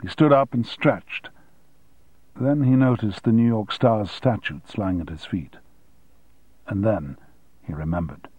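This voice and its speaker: A man narrating an audiobook in a measured, even storytelling manner. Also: on the low side, husky, no room sound. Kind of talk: scripted narration.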